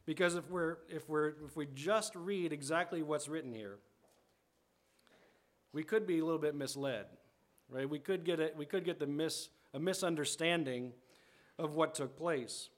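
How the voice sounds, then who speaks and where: A man's voice: on the high side, normal speed. A man preaching a sermon as a pastor, conversational, often checking in with the congregation and rephrasing as he explains scripture.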